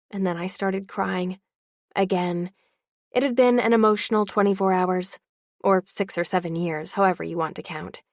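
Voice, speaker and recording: A woman reads a novel aloud in the first person with a calm, even manner. Her voice sits in a middle range. The recording is dry and close. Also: mid-range voice, moderate pace, no echo. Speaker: audiobook narrator. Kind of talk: first-person audiobook narration.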